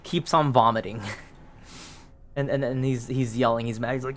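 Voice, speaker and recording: A man's voice: medium pitch, fairly even intonation, normal speed, long pauses. A man casually narrating a solo tabletop game, thinking aloud through dice rolls with plenty of ums.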